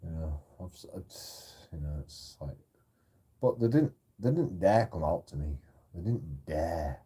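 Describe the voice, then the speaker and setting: A man's voice: low voice, big pitch swings, measured pace, mellow, breathy edge. A man telling a sweary, rambling, indignant story in a casual vlog. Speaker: YouTube auditor and streamer.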